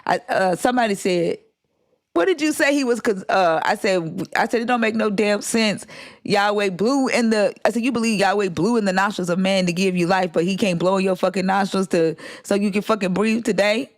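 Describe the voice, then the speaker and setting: This is a livestream host in casual chat, telling a story with lots of swearing. They talk at a middle pitch and act out each line of quoted dialogue. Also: brisk. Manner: profane, animated storytelling.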